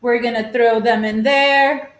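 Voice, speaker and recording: A woman's voice: fairly high pitch, a little slow, echoey room, a little hiss or hum. Chatty young woman hosting a cooking stream. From Los Angeles. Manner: chatty, mixes in Spanish phrases, animated rants. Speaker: cooking show host. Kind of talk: casual live-stream cooking chat. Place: home kitchen.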